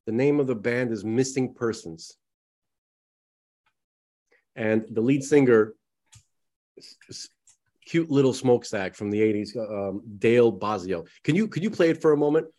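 A man's voice: medium pitch, normal speed, pauses often, dark tone. A man co-hosting a casual podcast chat, rambling and emphatic, with a slight lisp, talking to the listeners as folks. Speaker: podcast co-host.

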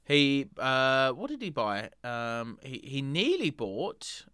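A man co-hosting a comedy podcast, his voice bright and clear with a dry, close sound. He tells a rambling anecdote casually, full of ums and restarts. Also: mid-range voice, huge pitch swings, slow pace, no echo. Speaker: podcast co-host.

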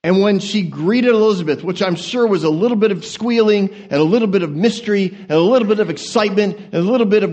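A man with a high voice preaches an animated sermon, telling the story with jokes and asides. He drops into quiet mutters, then climbs to excited peaks. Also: fast, few pauses.

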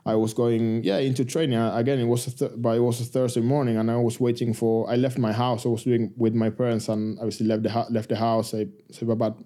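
A man, a rugby player telling stories as a guest in a casual interview, halting and full of restarts. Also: mid-range voice. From Argentina. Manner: halting, many restarts and fillers, relaxed.

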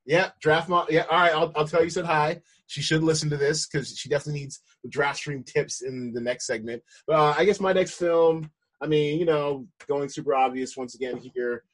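A man in casual conversation, talking in a relaxed way with frequent restarts. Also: fairly high pitch, brisk, hardly any pauses. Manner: relaxed, many fillers and restarts. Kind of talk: casual chat.

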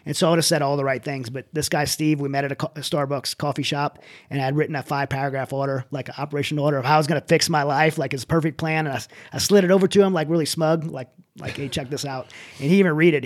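A man's voice: fairly high pitch, fairly even intonation, rapid-fire. A middle-aged man and military veteran, guest in an interview, candidly telling his own story with many restarts. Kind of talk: personal testimony in conversation.

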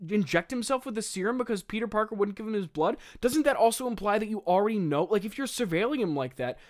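A young man giving comedic commentary on his old script, incredulous, laughing and rambling. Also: high-pitched. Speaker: host.

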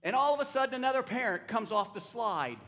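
High bright-voiced older male preacher. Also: expressive, fast talker. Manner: storytelling, asks the congregation for responses. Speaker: pastor. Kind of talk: sermon.

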